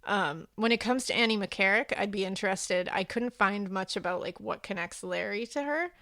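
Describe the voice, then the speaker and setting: A woman podcast host talking through a true-crime case in loose, casual chat. Her voice sits at a middle pitch, and she is blunt and salty, swearing freely and laughing often. The sound is dry and close, with almost no room. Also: normal speed, pushed and bright, dry recording.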